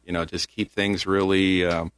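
A man with a low voice answering as an interview guest. He speaks plainly and grows animated when he gets riled. The recording is dry and close. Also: normal speed, clean tone, no room sound. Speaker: guest, county comptroller. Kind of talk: casual interview.

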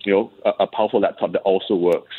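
A man with a husky voice, giving chatty, explanatory tech commentary in a conversation. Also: low-pitched, fairly even intonation, fast talker. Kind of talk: conversational tech chat on air. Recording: tinny phone-line sound.

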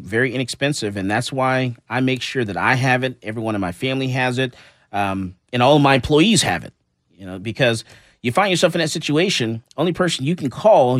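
A man hosting a radio talk show, asking follow-up questions in a relaxed conversational way. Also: medium pitch, no room sound, clean studio sound. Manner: conversational, asks follow-up questions, laughs easily. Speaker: host. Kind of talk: casual interview talk.

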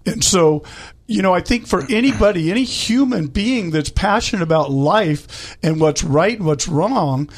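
A man's voice: high-pitched, expressive, normal speed. A man hosting a talk interview, rambling and repeating words as he responds to his guest. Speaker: show host.

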